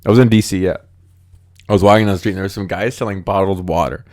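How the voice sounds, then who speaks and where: A man's voice: low-pitched, fairly even intonation, quick pace, a little mellow. A young man hosting a casual podcast chat, close to the microphone, rambling, joking and stumbling over his words. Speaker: podcast host.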